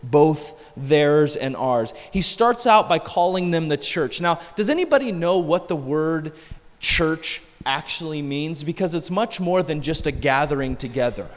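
A man's voice: fairly high pitch, normal speed. A middle-aged male pastor preaching a sermon in a church, in a conversational way, with asides and rhetorical questions. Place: church sanctuary. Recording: long hall reverb.

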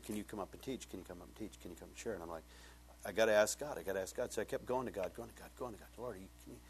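A man preaching as a pastor, telling a personal story with lively acted-out dialogue that swings up high when he gets excited. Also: slightly rough. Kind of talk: sermon with storytelling.

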